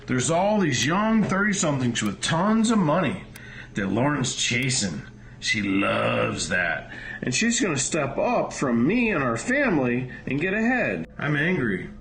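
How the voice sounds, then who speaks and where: A man's voice: mid-range voice, huge pitch swings, measured pace, a bit bright, a little hiss or hum. A man on archival self-recorded audio, upset and tearful, talking in an emotional, unsteady way. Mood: bitter. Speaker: suspect in recorded messages.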